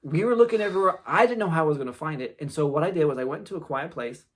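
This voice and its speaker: Man, 30s or 40s, podcast host, casual personal storytelling, animated, acts out quotes, slightly high voice. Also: very fast, breathy edge.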